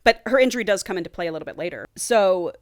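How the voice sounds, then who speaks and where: A woman's voice: fairly low pitch, animated, very fast, no echo. Lady podcast host recapping a book, swears a lot, does the characters' lines, dry close sound. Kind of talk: casual chat retelling a book's plot.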